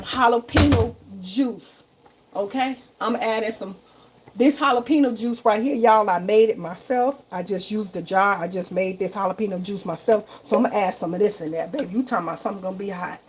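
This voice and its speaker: A woman talking her viewers through a live cooking vlog, chatty and familiar, calling them y'all and baby. Her voice sits at a middle pitch. It was recorded in a home kitchen on a phone, with frying food sizzling loudly in the background. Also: slight background noise, poor audio. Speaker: home cook and vlogger. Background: frying and sizzling in the pan.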